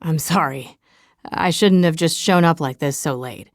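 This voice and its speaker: A woman voicing a kind, amused young man in an audiobook, gentle and apologetic. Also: deep voice, unhurried, no echo, studio quality, voice pushed down. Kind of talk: audiobook dialogue reading.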